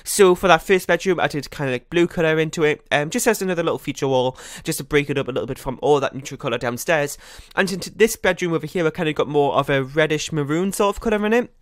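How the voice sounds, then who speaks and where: Fast-talking young man narrating gameplay. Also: on the high side, no echo, clean studio sound. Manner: rambling, self-correcting, laughs at own slips. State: a bit out of breath. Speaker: gaming channel host. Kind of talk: casual gameplay commentary.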